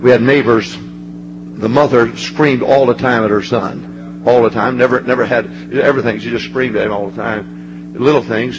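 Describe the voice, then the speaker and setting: A man preaching a fervent sermon. He swings between ringing shouts and low, hushed passages. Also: fairly even intonation, normal speed, highs cut off, noisy background.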